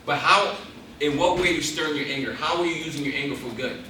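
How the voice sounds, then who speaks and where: A young guest speaker gives an intense, preacherly Christian talk to an audience in a large hall, building to emphatic exhortations. His fairly high voice is fairly quick, pushed and bright. The mic is distant, so the voice is off-mic in a very echoey hall, with a little hiss or hum.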